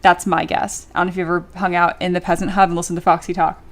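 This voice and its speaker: A woman's voice: on the low side, flat delivery, quick pace. A young adult woman livestreaming while she sculpts, chatting casually and giggling as she reads viewer comments aloud. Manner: chatty and giggly, with frequent fillers.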